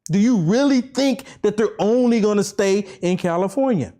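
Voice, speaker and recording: A high-pitched man rants to camera as a political vlogger, circling back over the same points and pelting the listener with rhetorical questions. His voice climbs into fervent near-shouting, then drops low and slow into preaching. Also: animated. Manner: repetitive, rambling, with urgent rhetorical questions. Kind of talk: impassioned political rant to camera.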